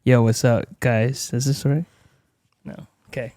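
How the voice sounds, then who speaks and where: A man's voice: mid-range voice, steady tone, unhurried, warm tone, dry recording, studio quality. Playful man joking on a podcast. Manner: playful, jokey, breaks into singing and silly voices. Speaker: podcast co-host. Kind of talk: casual chat. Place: home living room.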